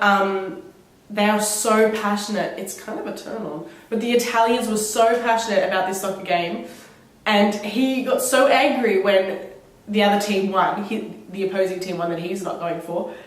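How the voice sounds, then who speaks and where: A young Australian woman with a cold, telling travel stories in an animated, laughing vlog chat. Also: mid-range voice. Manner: enthusiastic, animated, laughing retellings with put-on quotes. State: has a cold. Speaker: vlogger. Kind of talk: casual chatty storytelling. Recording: very echoey room, mic at a distance.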